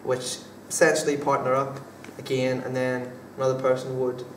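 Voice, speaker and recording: A man's voice: medium pitch, monotone, normal speed. A young man, a drama student, answering interview questions in a casual, hesitant way with many fillers and restarts. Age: young adult. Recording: echoey room from far off, faint background noise.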